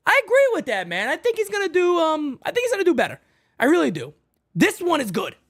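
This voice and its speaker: Excitable woman streaming fan chat from home. Lively pitch, keeps it casual and chatty. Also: fast. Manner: excitable, chatty, says "man" and "folks" a lot. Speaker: fan channel host.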